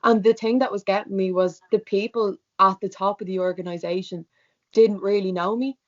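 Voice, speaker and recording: A woman's voice: mid-range voice, fairly even intonation, normal speed. A young Irish woman telling a personal story in a casual interview, talking with lots of "like" and acting out what people said to her. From Ireland. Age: young adult. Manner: chatty, peppered with "like", acts out quoted dialogue. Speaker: student guest. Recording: dull lo-fi sound.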